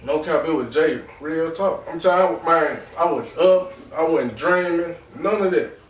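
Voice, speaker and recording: A podcast host in his twenties, with a fairly high voice at normal speed, tells a raw, emotional, rambling personal story peppered with "real talk" and "bro." The mic is distant in an echoey room.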